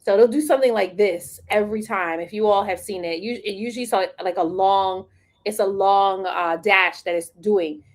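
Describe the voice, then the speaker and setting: A woman hosts a business live stream, chatting casually in an animated, playful way and acting out the quotes she tells. Her voice is mid-range and her pace moderate.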